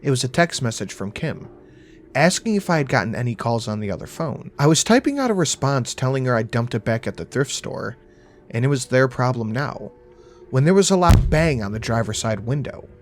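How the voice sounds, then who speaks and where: A man's voice: medium pitch, sing-song, fairly quick. A man narrating a first-person horror story in a casual, profane, wry voice.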